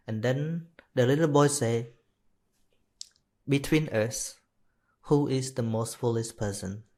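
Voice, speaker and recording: Slow, hesitant man telling a teaching story. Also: mid-range voice, a little mellow. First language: Khmer. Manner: slow, hesitant, with many restarts and self-corrections. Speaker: Buddhist monk teaching dharma. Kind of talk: live dharma talk, telling a story.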